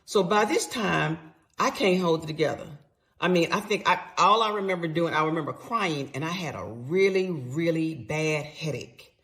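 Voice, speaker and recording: A middle-aged woman with a gravelly voice full of vocal fry. She tells her personal story candidly and conversationally and swears freely as she acts out what she said. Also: fairly low pitch, animated, moderate pace, fairly bright tone.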